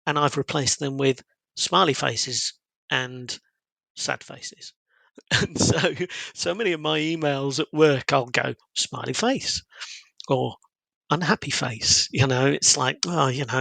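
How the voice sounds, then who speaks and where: Upbeat man with a gravelly edge. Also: mid-range voice, steady tone, measured pace, bright, forceful tone, no echo, poor audio. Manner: upbeat, chatty, with many fillers. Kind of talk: casual podcast conversation.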